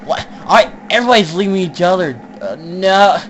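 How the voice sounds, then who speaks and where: A young man giving casual, joking commentary while playing an online horror game, swearing and laughing often and shouting when startled. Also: high voice, animated, moderate pace, muffled recording, a little hiss or hum. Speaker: gaming YouTuber. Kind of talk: casual let's-play commentary.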